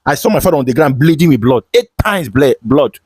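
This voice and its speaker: Man, Nigerian accent, rapid speech, dry close sound, fiery rhetorical questions. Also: mid-range voice, animated, a little mellow, slightly rough, no echo. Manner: impassioned, hammering rhetorical questions. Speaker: online commentator. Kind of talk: ranting video commentary.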